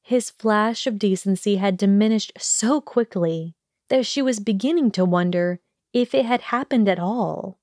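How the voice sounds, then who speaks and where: A woman narrating an audiobook at an unhurried pace in a slow, even storytelling manner. Her voice is at a middle pitch. The recording is dry and close to the mic. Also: dry recording. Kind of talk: scripted narration.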